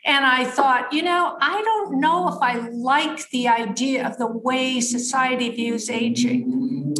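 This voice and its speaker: A woman's voice: sits high, echoey room. A woman in her seventies with a slightly scratchy voice, telling her story in a reflective way as an interview guest. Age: 70s. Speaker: guest, author. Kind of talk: conversational storytelling.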